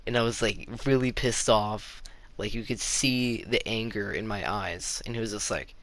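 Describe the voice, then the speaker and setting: Gravelly teenage boy telling a story. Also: lowish voice, a little slow, fairly bright tone, dry recording. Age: teens. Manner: rambling, heavy on "like" fillers. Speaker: YouTuber. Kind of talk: casual story time.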